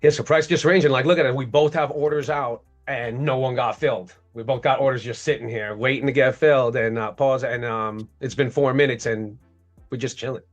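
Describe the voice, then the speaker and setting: Upbeat male host, clear step-by-step explainer, soft music bed underneath. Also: mid-range voice, steady tone, highs cut off. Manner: upbeat, explains trades step by step, quick agreeing. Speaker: livestream host trader. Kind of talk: casual livestream chat.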